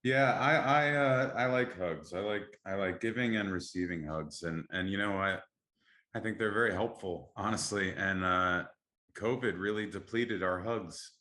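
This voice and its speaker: A man's voice: sits low, normal speed, bright, forceful tone. A man hosting a casual podcast, talking in an upbeat, enthusiastic way. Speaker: podcast host. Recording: echoey room.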